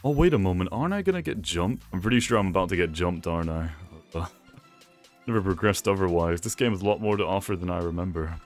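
A young man giving excitable gameplay commentary, talking to himself and laughing often. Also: low voice, fast talker, soft background music. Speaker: gaming YouTuber.

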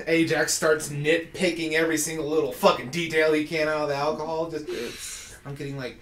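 A man playing a tabletop game, bantering in a slow, laughing, profane way. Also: on the high side, level tone, a bit bright, reverberant, slight background noise. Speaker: player.

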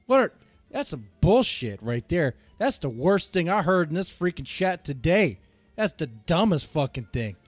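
A man's voice: a little high, big pitch swings, normal speed, no echo, soft background music. Crude, ranting male streamer. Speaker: streamer host. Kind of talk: casual stream commentary.

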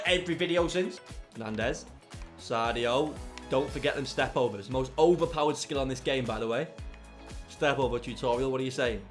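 A young man commentating his own football video game, muttering through play and erupting into shouts at goals. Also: mid-range voice, normal speed, soft background music. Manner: excitable, bursts into shouts after goals. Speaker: gaming YouTuber.

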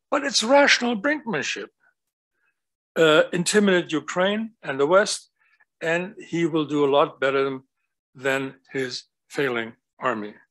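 A man delivering an academic talk in a slightly raised, husky voice. He tells stories with energy and keeps throwing rhetorical questions at the audience. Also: fairly high pitch, low-quality recording. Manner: animated storytelling with rhetorical questions. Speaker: guest lecturer.

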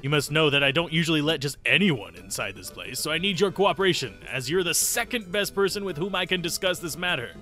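A man voicing a stern village chief who expects a lot from his only pupil, blunt and impatient. The voice is bright and sits a little high, and the delivery swings up and down lively. Soft game music plays underneath. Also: fast, hardly any pauses. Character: stern demanding male village chief and mentor.

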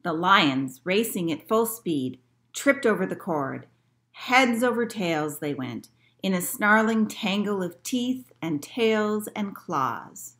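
A woman librarian reading a picture book aloud to children in an expressive storytelling manner. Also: medium pitch, slow pace.

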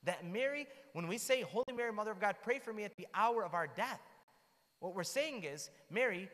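A man telling the lives of saints to a church group in an animated storytelling manner, with asides to his listeners. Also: high-pitched, fairly quick. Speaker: church speaker. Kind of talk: storytelling talk to a youth group. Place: church hall. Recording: long hall reverb.

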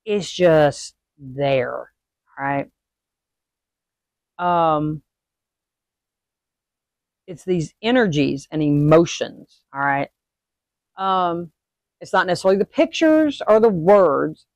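A woman's voice: low voice, slow, pauses often, dry recording. A woman hosting a witchcraft lesson, talking casually and checking in with "okay?" and "all right?" after nearly every point. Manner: animated when acting out sudden emotions. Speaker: host teaching witchcraft. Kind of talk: casual instructional talk.

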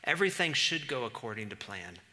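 Pastor guy preaching in church, super bright ringing voice, talks casual, gets loud and worked up. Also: mid-range voice, very animated, fairly quick. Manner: conversational, builds to loud exasperated comic reading. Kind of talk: sermon.

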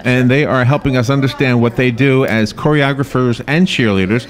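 A man's voice: medium pitch, normal speed. A man hosting a casual live radio chat from a small studio in a mall, talkative and laughing often, with many restarts. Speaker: radio host.

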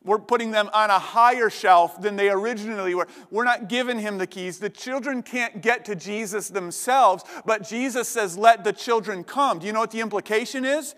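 A young male pastor delivering a sermon with a high, lifted voice that carries, repeating words as his passion builds. The sound rings with a long reverb, as if heard through a large church hall. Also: normal speed, few pauses, a bit bright.

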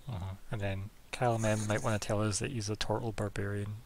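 A lower-pitched man runs a tabletop game as its game master, feeling his way through each description with frequent ums and likes. A faint hiss sits under his voice. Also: little pitch movement, fairly quick. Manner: hesitant, filled with ums and likes.

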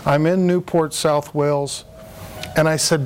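A man's voice: fairly high pitch, steady tone, moderate pace. A man in his sixties talking casually at a meeting, telling a rambling anecdote with lots of ums and uhs. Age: 60s. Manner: rambling storyteller with frequent fillers and laughs. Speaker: speaker at a political meeting. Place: hotel meeting room.

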